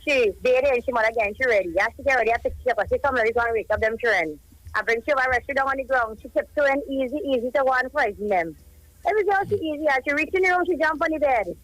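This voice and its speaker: A Trinidadian woman in her thirties speaks down a phone line on a live radio show. Her voice sits fairly high and sounds dry and close. She talks in long, grief-laden, rambling runs. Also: animated, quick pace, fairly bright tone, no room sound. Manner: grieving, rambling, emotional storytelling. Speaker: caller, cousin of a child who died. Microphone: telephone.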